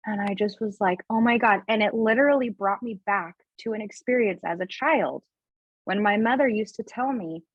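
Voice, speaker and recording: A woman in her thirties with a husky, breathy voice talks candidly and emotionally about her family, her sentences full of restarts and "like". The recording is dry and a little dull, as if made over a remote setup. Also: medium pitch, no echo. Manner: emotional, candid, fast-flowing with many "like" fillers. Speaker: podcast guest. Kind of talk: candid personal storytelling.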